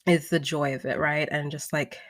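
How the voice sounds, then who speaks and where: A woman's voice: low voice, fairly even intonation, normal speed, no room sound. A young woman in her twenties chats casually as a podcast host and vocal coach. She sounds upbeat and talkative and fills her sentences with casual filler words. The sound is close and dry, with no room around her. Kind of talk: casual talk from a replayed live stream.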